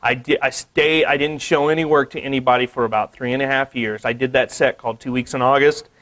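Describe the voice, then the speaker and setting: A man from Missouri, an artist telling a story at a museum talk in an animated way, laughing often and saying "you know" a lot. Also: mid-range voice, fast talker. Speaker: artist giving a gallery talk. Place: museum lecture space.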